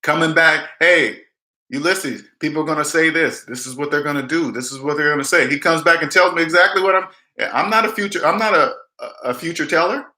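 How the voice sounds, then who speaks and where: Speaking fairly quickly with a sharp tone and fairly high pitch, the debt advice vlogger sounds like he's in an echoey room. He repeats his blunt, emphatic money advice during a casual live-stream chat and acts out the people he quotes.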